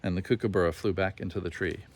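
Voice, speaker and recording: A man gently reading a children's storybook aloud as narrator. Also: low voice, fairly even intonation, fast.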